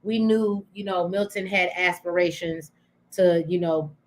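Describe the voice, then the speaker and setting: A woman's voice: lowish voice, fairly even intonation, a little slow. Chatty woman co-hosting a recap show. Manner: chatty, thinks aloud with many "um"s. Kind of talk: casual recap chat.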